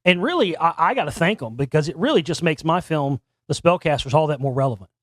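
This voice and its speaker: A man's voice: on the high side, animated, quick pace, dry recording, clean studio sound. A man hosting a talk show alone, giving casual commentary into a desk microphone and rambling with many restarts and repeated words. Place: home studio near Dallas.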